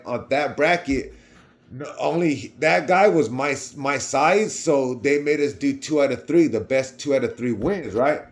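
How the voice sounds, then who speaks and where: Young guy, casual storyteller, slangy and animated, acts out the other voices, mid-pitched. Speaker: vlogger telling a personal story.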